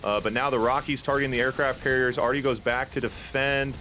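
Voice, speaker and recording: A man casting an online strategy game tournament, casual and chatty, climbing higher and louder when the action heats up. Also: brisk, slight background noise. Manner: excitable, rises sharply in pitch at big plays; casual, chatty with filler words. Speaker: tournament caster. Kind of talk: esports play-by-play commentary.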